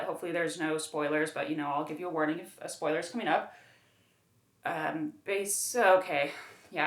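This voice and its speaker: Chatty low-voiced woman in a roomy room. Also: a bit bright. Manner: chatty, emphatic, full of fillers. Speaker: book reviewer. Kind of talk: casual chat. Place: her own room. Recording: roomy echo.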